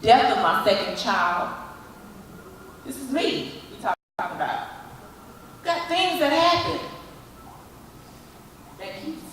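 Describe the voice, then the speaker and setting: A woman motivational speaker giving an animated talk, coaxing audience volunteers with repeated calls. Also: fairly high pitch, slow, long pauses, slight background noise. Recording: echoey hall from far off.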